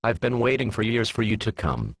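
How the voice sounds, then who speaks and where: A man voicing an excitable, exaggerated female party pony in a story reading, in a low, husky voice. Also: brisk, no echo, exaggerated voice. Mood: excited. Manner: exaggerated, overexcited.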